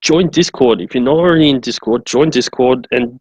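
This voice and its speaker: A man's voice: medium pitch, fairly quick, darkish tone, slightly rough, no room sound, dull audio. Dry, teasing Australian man, very dry sound. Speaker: podcast co-host. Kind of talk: casual chat.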